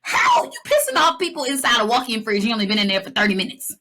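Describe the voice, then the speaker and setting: A young woman co-hosting a podcast in casual chat, telling stories with lively acted-out lines and playful asides. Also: a little high, fast. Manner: animated storytelling, acts out lines, playful. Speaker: podcast co-host.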